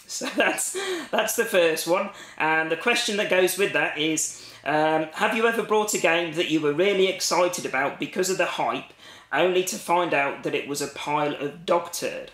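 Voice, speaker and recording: A man's voice: a little high, moderate pace, fairly bright tone. A man with an English Midlands accent, casually chatting to camera as a gaming vlogger, rambling with lots of ums and restarts. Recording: echoey room.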